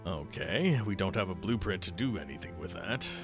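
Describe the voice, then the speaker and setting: A man's voice: sits low, lively intonation, normal speed, over music. A man streaming a game, giving casual commentary, reading on-screen text aloud and swearing offhandedly. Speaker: let's play streamer.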